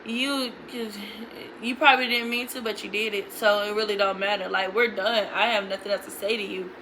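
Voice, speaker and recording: A woman's voice: mid-range voice, steady tone, fairly quick, sharp tone, slight background noise, poor audio. A young woman vlogging a casual storytime, retelling it bluntly with lots of profanity.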